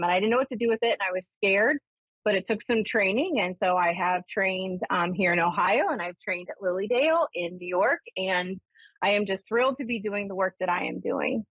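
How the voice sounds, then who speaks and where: Woman host for a call-in medium show, animated, dry and a bit lo-fi. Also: medium pitch, dry recording. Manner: animated, acts out voices when retelling. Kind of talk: casual on-air storytelling and readings. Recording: slightly dull lo-fi radio sound.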